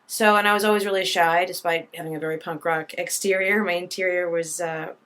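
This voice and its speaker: A woman's voice: on the low side, fairly even intonation, a little fast, fairly bright tone. Chatty woman with a faint Boston accent. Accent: slight Boston. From Boston area. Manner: candid, self-deprecating, chatty. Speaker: guest. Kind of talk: casual interview chat.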